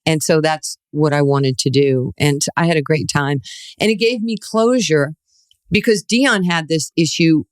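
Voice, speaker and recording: A woman in her sixties from New York, a guest telling lively stories in an interview and acting out the voices in them. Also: low-pitched, a little slow, no room sound, clean studio sound. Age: 60s. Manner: animated storyteller, acts out quoted voices, laughs often. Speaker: guest, former basketball player. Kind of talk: storytelling interview.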